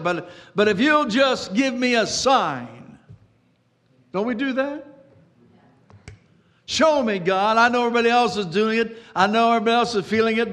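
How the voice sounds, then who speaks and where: High-voiced preacher in an echoing hall. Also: male voice, fairly bright tone. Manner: dramatic preaching with repetitions and sudden pace changes. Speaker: pastor. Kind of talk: sermon.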